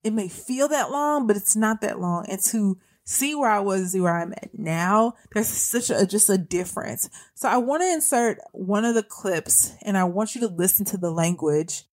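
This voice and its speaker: A woman's voice: mid-range voice, moderate pace, hardly any pauses. A young adult woman hosting a faith-based podcast, talking earnestly and conversationally to her listeners. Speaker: podcast host.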